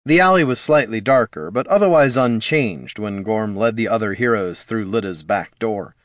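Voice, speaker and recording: A man narrating a fantasy story in a steady, storytelling delivery. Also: lowish voice, moderate pace, dry recording, clean studio sound.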